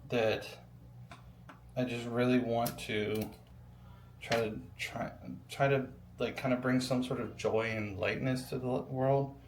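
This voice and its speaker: A young man talks in a loose, rambling way while he works, filling gaps with ums and swearing freely. His voice sits at an ordinary middle pitch. The room gives it a roomy echo, with a faint hum of ambience behind him. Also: fairly even intonation, slow. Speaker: PC builder vlogger. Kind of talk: rambling casual chat while building a PC.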